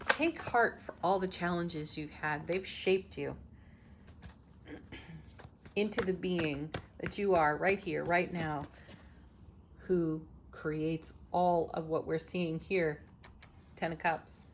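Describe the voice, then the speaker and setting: A woman reads tarot cards for her viewers in an unhurried, gently affirming voice. Her tone sits a little low, and she often stops to laugh softly between cards. A faint hum of background noise stays under her words. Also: steady tone. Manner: slow, soothing, affirming delivery. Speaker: tarot reader, channel host. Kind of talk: tarot reading to camera.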